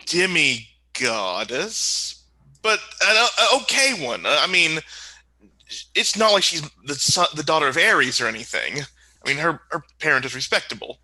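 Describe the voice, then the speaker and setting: A proud young fae prince declaims in lofty, old-fashioned phrases, as a man puts him on. His voice is raised and bright, with a dry, close sound. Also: a little high, sing-song, moderate pace, dry recording, voice pushed up, full character voice, poor audio. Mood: boastful.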